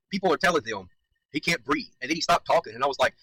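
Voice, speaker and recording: Male commentator, fired up and emphatic, a touch higher-pitched, swears freely. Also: lively intonation, fast, pushed and bright, breathy edge, no echo, rough recording. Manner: heated, emphatic, repeats points, swears. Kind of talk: reaction commentary.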